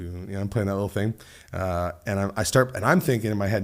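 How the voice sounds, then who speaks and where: Man, low-pitched, musician guest, casual studio interview, animated storyteller, acts out quotes. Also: quick pace.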